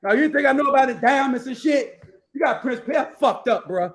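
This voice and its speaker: A man's voice: very high voice, animated, moderate pace, a bit bright. A male host giving casual live commentary while browsing, blunt and profane, rambling as he reads figures and definitions aloud from the screen.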